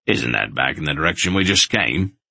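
A man's voice: very deep voice, lively intonation, fairly quick, vocal fry, bright, forceful tone, no room sound, full character voice. A man playing a practical, earnest working man who talks plainly. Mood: puzzled.

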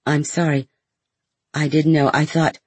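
A man's voice: fairly high pitch, little pitch movement, a little slow, slightly rough, no room sound. A man voicing an exhausted, apologetic young brother.

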